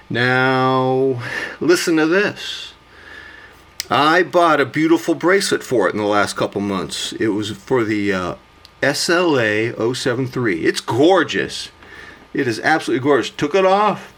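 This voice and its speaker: A man with a rough morning voice, hosting a casual vlog monologue about his collection. He gushes theatrically and talks to himself as he goes. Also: medium pitch, fairly bright tone. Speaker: watch collector vlogger.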